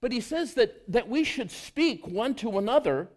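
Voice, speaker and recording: Lively high-voiced male preacher. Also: normal speed. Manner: animated, acts out quoted voices. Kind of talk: sermon.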